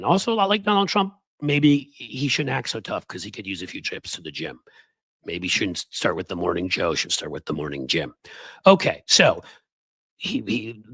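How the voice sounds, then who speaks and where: A man hosting his own show, ranting about cable news hosts in sarcastic, heated political commentary with a husky voice. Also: fairly bright tone, no room sound. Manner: sarcastic, heated, swinging pitch.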